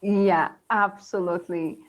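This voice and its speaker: Slow-talking woman teaching pronunciation. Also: on the low side, steady tone, dull audio. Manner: chatty, encouraging, many fillers and laughs. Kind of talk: live online English lesson.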